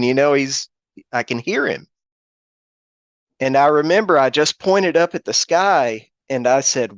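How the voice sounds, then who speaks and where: A middle-aged man tells his story in an earnest, halting way, stopping short and repeating phrases as he goes. His voice sits at an ordinary male pitch. The sound is dry and close, with no room echo, as if over a video call. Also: lively intonation, lo-fi sound. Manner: earnest, halting, with frequent restarts and repetitions. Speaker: guest witness. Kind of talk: personal account in a video-call interview.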